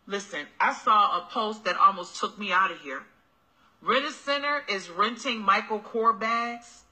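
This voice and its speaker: A woman's voice: medium pitch, measured pace, poor audio. A woman host giving sassy, preacher-like money advice on a casual livestream. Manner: animated, exhorting, sassy, preacher-like. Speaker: host of a livestream talk show.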